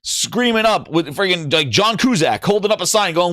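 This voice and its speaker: A man hosting a gaming news livestream, ranting and joking with mock skits and shouting out viewers. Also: high voice, animated, normal speed, no room sound. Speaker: livestream host.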